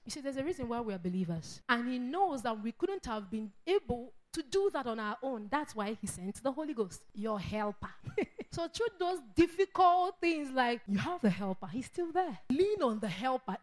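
A middle-aged woman preaching a sermon, acting out quoted voices and laughing often. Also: high-pitched.

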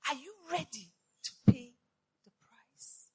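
A woman preaching a sermon to women, passionate and repetitive, firing rhetorical questions and rising to shouts. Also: high-pitched, lively intonation, slow.

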